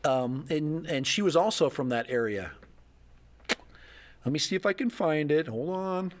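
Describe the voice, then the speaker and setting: Chatty man, slightly higher voice. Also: expressive, measured pace. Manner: rambling, thinking aloud, chuckling. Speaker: livestream host. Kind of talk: casual livestream chat.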